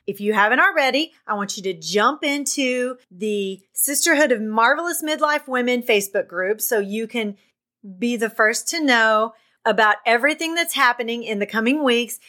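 Middle-aged woman host, enthusiastic faith-based motivator, bright and slightly high. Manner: enthusiastic, faith-filled pep talk. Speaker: podcast host. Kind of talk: excited podcast monologue.

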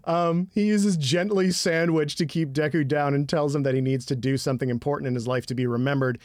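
Young male podcast co-host, slightly high voice, dry close mic, casual and animated. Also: fairly quick, dry recording. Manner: animated, breaks into loud impressions and laughter. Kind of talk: casual anime discussion.

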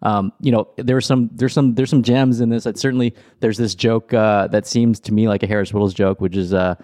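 A man's voice: fairly low pitch, steady tone, a little fast, dark tone, dry recording, studio quality. A man hosting a podcast, talking casually and often chuckling as he rambles. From Los Angeles. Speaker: podcast host. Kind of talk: casual chat.

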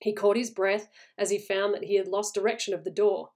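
A woman's voice: mid-range voice, little pitch movement, a little fast, a little mellow. Woman reading a spooky tale. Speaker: storyteller. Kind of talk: reading a horror short story aloud.

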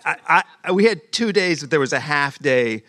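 Halting man with dry, close sound. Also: a little high, expressive, bright, forceful tone, no echo. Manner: halting, many restarts. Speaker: producer on a panel. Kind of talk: panel conversation.

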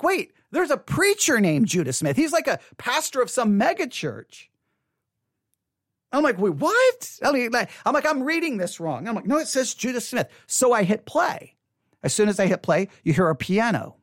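A music commentator talking casually on a video, animated and chatty, acting out their own reactions with lots of filler words. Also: medium pitch, no room sound, studio quality.

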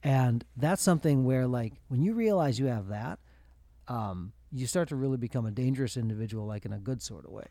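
A man's voice: medium pitch, expressive, brisk, mellow, dry recording. A man co-hosting a podcast, talking casually and thinking aloud with lots of fillers. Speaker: podcast co-host.

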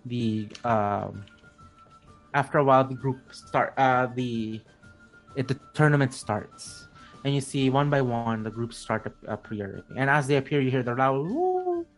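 A man running a tabletop game as game master, narrating in a halting way with many restarts and fillers. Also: medium pitch, steady tone, faint music behind.

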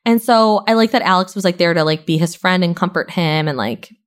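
A woman's voice: on the low side, brisk. Chatty, gossipy young woman host. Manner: gossipy, chatty, heavy use of "like" and swearing. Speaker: podcast host. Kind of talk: casual chat, reality TV recap.

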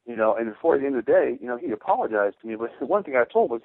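A man, a former football player, telling stories in a casual podcast chat, lively and repeating words as he gets going. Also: mid-range voice, very fast, dry recording. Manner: animated storyteller, repeats words when starting sentences. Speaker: former football fullback guest. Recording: tinny phone-line sound, dry.

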